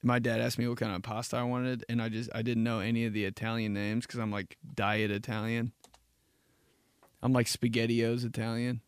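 A young man hosting his own podcast, telling loose, profane stories with quick asides. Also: mid-range voice, flat delivery, smooth, no room sound. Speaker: podcast host. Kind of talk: casual solo podcast monologue.

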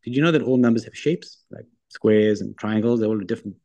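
A middle-aged man with a fairly low voice talks as an interview guest. He tells stories briskly and with confidence, in a relaxed and casual way. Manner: confident, brisk anecdotal storytelling. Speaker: guest, wealth firm founder.

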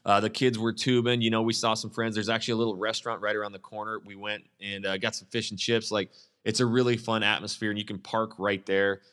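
A man's voice: fairly low pitch, little pitch movement, fast, a bit bright. A man, a real estate agent, coaching others in a casual live Q&A, blunt and enthusiastic with plenty of slang.

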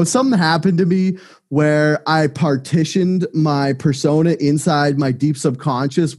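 A man with a somewhat high voice, chatting on a casual podcast. He tells crude stories in a joking, rambling way. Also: a little mellow. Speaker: podcast co-host.

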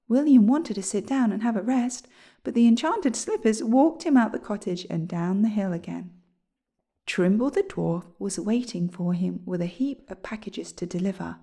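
Woman reading a kids storybook aloud, bit of vocal fry, expressive. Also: mid-range voice, moderate pace.

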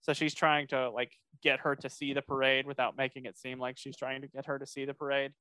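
Bright, crisp-voiced man on a podcast. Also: medium pitch, level tone, fairly quick, dry recording. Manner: rambling, many fillers and restarts. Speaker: podcast co-host recapping episodes. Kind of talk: casual podcast chat.

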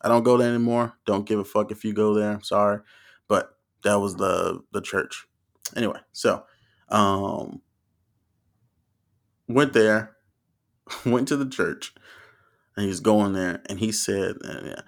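A man of about thirty from the Southern United States tells funny stories in a casual, rambling, profane style. His voice is lowish, and he speaks unhurriedly with frequent pauses. He laughs often.

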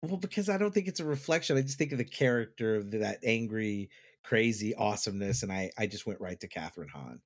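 A man's voice: fairly low pitch, expressive, fairly quick. A man hosting a podcast in casual chat, reacting playfully and thinking aloud. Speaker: podcast host.

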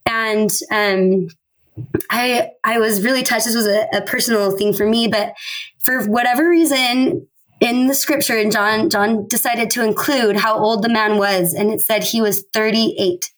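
A woman in her thirties sharing a personal faith testimony on a podcast, earnest and emotional, with halting restarts. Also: fairly high pitch, fairly even intonation, poor audio. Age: 30s. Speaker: podcast guest.

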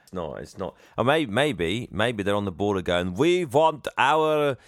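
A man's voice: low-pitched, animated, moderate pace, dry recording, clean studio sound. A man co-hosting a podcast, cheeky and sweary in casual comedic banter. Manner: cheeky, sweary, laughs often. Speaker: podcast co-host.

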